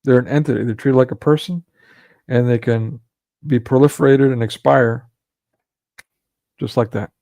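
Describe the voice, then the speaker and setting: A man's voice: mid-range voice, fairly even intonation, moderate pace, creaky, pauses often, dark tone, dry recording. A man delivering a ranting monologue commentary, sarcastic and scornful, breaking into mocking laughs.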